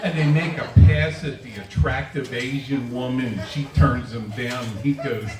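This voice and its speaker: A man's voice: medium pitch, moderate pace, a crowd in the background. A man in his sixties doing a self-deprecating stand-up comedy set for a live audience at a winery. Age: 60s. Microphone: camera on a tripod at the back of the room. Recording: echoey room, distant camera mic, audience noise.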